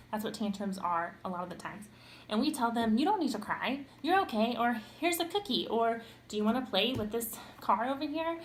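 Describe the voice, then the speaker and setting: A woman's voice: mid-range voice, slight background noise. A young woman talking casually to camera about parenting, chatty and full of little ums and restarts. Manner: chatty, with frequent ums and self-corrections. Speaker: parenting vlogger.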